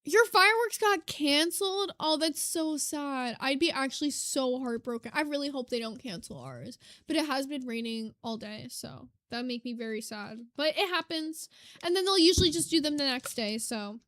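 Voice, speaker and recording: Casting note: young woman streamer, high bright voice, excitable and casual, drops the odd swear word. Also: moderate pace, no echo. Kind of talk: casual live-stream chat. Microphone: desk mic.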